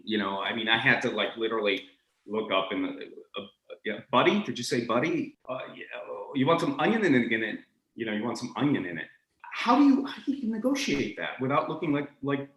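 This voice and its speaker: A man talking about the history of accents as a guest, animated and expressive, often restarting his sentences. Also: mid-range voice, roomy sound, low-quality recording. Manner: expressive, acts out accents in quick asides; frequent restarts and stammered repeats. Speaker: guest speaker on linguistics. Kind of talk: animated conversational lecture.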